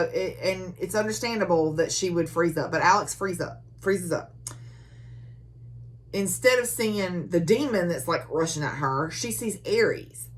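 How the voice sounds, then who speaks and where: A woman's voice: on the low side, a bit bright. A woman giving a casual book recap, chatty and full of filler words, laughing often as she retells the story. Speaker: book reviewer.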